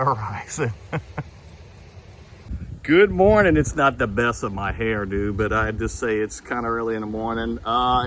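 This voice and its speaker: A man from Louisiana filming a casual vlog outdoors in the snow on a handheld phone, excited and laughing often. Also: medium pitch, slight background noise, low-quality recording. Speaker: vlogger. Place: outdoors in a snowy yard. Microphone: handheld phone camera.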